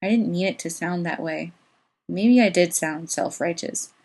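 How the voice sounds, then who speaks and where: A woman's voice: lowish voice, moderate pace, darkish tone. A woman reading a novel aloud, voicing a tough young woman narrator who speaks in a blunt, matter-of-fact way. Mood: placating.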